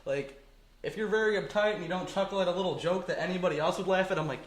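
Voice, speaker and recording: Podcast guest, twenties, from Michigan: lively, foul-mouthed joking storyteller, slightly high voice, roomy echo. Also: male voice, fast, slight background noise. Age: 20s. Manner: animated, profane, joking storyteller. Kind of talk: casual storytelling.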